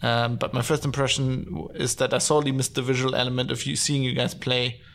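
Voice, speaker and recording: A man hosting a live-streamed podcast, his voice sitting at an ordinary middle pitch with a gravelly edge. He rambles sardonically, full of fillers and restarts. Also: flat delivery, brisk, a bit bright. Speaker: podcast host. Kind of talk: casual solo podcast talk. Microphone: podcast mic, streamed live.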